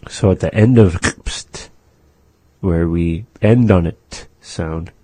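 A middle-aged man gives a relaxed language lesson, slowly and patiently repeating words to show how they sound. His voice is very low and mellow with a husky edge. It is recorded close and dry. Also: no echo. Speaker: language teacher.

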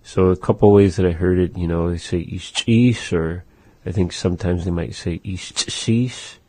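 A man teaching words of his language in a casual lesson, saying them slowly and repeating them. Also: low voice, fairly even intonation, dark tone, no echo.

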